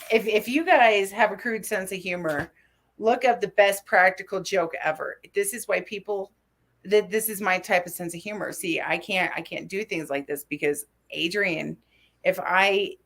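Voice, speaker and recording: A woman's voice: lowish voice, moderate pace, vocal fry, a bit bright. A woman in her forties from New Mexico, co-hosting a casual chat show and telling rambling, tangent-filled stories. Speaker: co-host.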